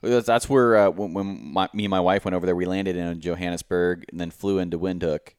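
A man hosting a podcast, rambling and halting with many restarts. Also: low voice, steady tone, darkish tone, clean tone, no echo, studio quality. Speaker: podcast host. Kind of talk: casual podcast conversation.

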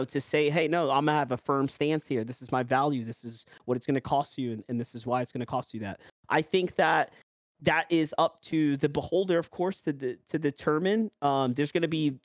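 A man's voice: a little high, no echo, studio quality. A man with a New York accent, a commentator hosting a casual podcast, telling stories animatedly with lots of fillers. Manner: animated storytelling with acted-out quotes and many fillers.

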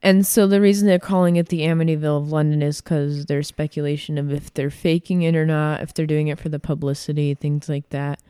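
A woman chatting casually as a podcast co-host, retelling things in an animated way with lots of fillers. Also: sits low, brisk, hardly any pauses, clear, resonant tone, dry recording, studio quality. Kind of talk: casual chat.

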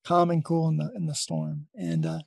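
A man's voice: on the high side, sing-song, normal speed, creaky, a little mellow, dry recording. A man who is a nurse and podcast host, telling a long story in a casual, rambling way with many restarts.

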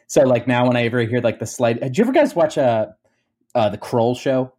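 A man with a South Jersey accent talks in a loose, rambling podcast chat. His voice sits at an ordinary middle pitch. He fills his sentences with casual fillers as he goes. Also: a little fast, darkish tone. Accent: South Jersey / Philadelphia. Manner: chatty, rambling, many fillers. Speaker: guest musician.

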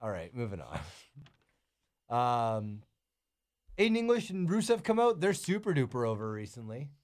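A man's voice: medium pitch, huge pitch swings, normal speed. A man hosting a podcast, reading show notes in a playful, teasing casual chat. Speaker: podcast host.

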